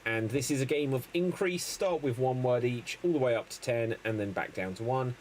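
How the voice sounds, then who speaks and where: A man hosting an improvised comedy stream, explaining game rules in a brisk manner with frequent fillers. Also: mid-range voice, slight background noise, rough recording. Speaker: improv show host. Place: online stream setup.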